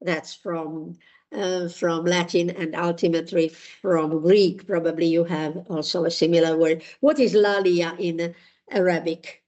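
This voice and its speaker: Woman, language teacher; unhurried, patient, lots of pauses and fillers. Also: on the low side, steady tone, a little mellow. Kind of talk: online language lesson with repeat-after-me drills.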